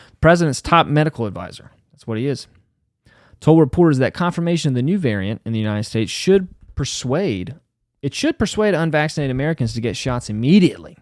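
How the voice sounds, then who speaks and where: A man's voice: mid-range voice, no room sound, clean studio sound. A man hosting a podcast, reading a news article aloud and breaking in with sarcastic, mocking asides. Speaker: podcast host.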